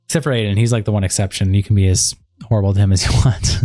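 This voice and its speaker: A man talking on a casual commentary livestream, his voice dark and mellow. He swears freely, piles up fillers and drops deadpan, sarcastic asides. The sound is dry and close, with faint music underneath. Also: lowish voice, rapid-fire, no echo. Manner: casual and profane, full of fillers.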